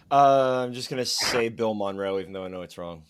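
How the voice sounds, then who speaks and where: A man's voice: mid-range voice, moderate pace, clear, resonant tone. A man playing a trivia game, joking around and being playfully pedantic. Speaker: trivia contestant. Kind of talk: casual game banter.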